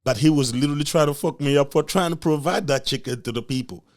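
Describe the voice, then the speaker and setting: A young man from Africa, hosting a podcast and telling a comic, profane story in an animated way. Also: a little high, fast. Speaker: podcast host. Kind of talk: storytelling rant.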